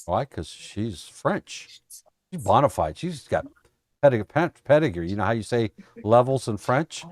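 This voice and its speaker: A man's voice: medium pitch, very animated, unhurried, dry recording. A man hosting a casual trading stream, joking and teasing his viewers. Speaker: trading coach host. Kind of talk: casual live-stream chat.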